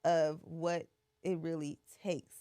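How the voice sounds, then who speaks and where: A woman's voice: low-pitched, slow. A woman, a surgeon guest chatting frankly and practically on a podcast. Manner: animated, laughs often, frank and practical. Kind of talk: casual podcast chat.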